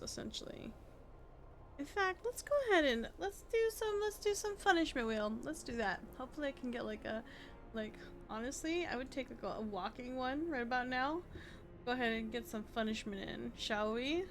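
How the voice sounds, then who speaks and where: A woman's voice: on the high side, fairly bright tone. Tired, rambling woman streamer. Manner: rambling, thinking aloud with many restarts. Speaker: livestreamer. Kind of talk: casual stream chat.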